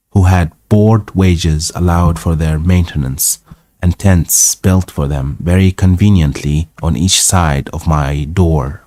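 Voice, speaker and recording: A man with a very low voice, a native Arabic speaker, reads an old novel aloud at a slow, deliberate pace. He goes back over phrases and sounds out unfamiliar words. The sound is dry and close, with no room echo. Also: warm tone. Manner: careful, repeats words and sounds out hard ones. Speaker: host of a live English reading stream. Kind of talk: reading a classic novel aloud for practice.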